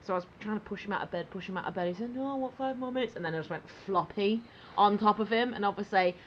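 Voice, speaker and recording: Woman co-host, casual and playful, laughs a lot, mid-pitched, faint hiss on a muffled lo-fi track. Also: fairly even intonation, quick pace, a bit bright. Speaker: podcast co-host. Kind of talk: casual chat. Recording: dull lo-fi podcast audio.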